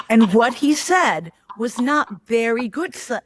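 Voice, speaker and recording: A woman guest telling a family story with lively, laughing delivery on a podcast. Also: a little high, dry recording. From Chicago. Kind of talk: animated anecdote telling.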